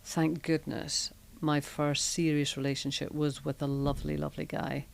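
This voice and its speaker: A woman's voice: deep voice, little pitch movement, normal speed, gravelly, no room sound. Middle-aged Scottish woman, podcast guest, frank and chatty storyteller, dry close sound. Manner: frank, self-deprecating, chatty anecdotes. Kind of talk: candid conversational storytelling.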